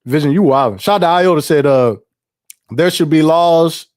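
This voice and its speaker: A middle-aged man hosts a livestream in a fairly high, darkish voice at normal speed. Loose and profane, he reads chat, tells stories, laughs often and repeats himself.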